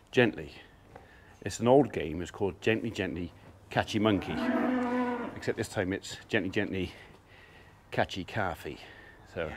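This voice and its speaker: A man filming himself as a farmer, chatting casually while working and calling to his cattle. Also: fairly low pitch. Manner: chatty, talks gently to the cattle and calls them loudly. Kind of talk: casual vlog narration. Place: outdoors on a cattle farm. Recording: outdoor noise with mooing cattle. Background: cattle mooing.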